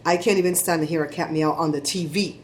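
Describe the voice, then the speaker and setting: Chatty woman vlogger, low voice. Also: fast, slight background noise. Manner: chatty, animated storytelling with laughs. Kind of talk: casual shout-outs to viewers.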